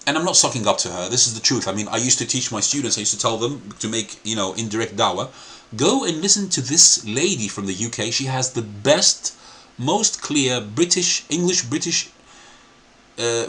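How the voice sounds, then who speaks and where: A man's voice: mid-range voice, very animated, normal speed, fairly bright tone. A man hosting a video reaction commentary, laughing often while he talks and mixing American and British accents. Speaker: channel host.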